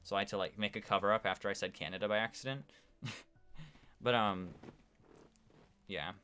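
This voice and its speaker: Chatting loosely with his viewers during a building-game stream, this streamer uses plenty of fillers and wanders from point to point. His fairly low voice has a sharp tone at normal speed, with slight background noise.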